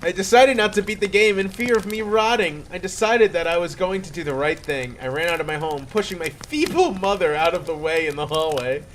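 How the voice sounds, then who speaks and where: Man, playful mock-dramatic reading of a comic horror story, slightly high voice, faint hiss behind. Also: lively intonation, brisk, few pauses, fairly bright tone. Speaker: creepypasta reader.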